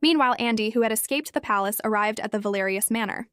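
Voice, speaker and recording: A woman narrating a story recap in a steady, even, scripted delivery. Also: fairly high pitch, fast, smooth, no echo, studio quality.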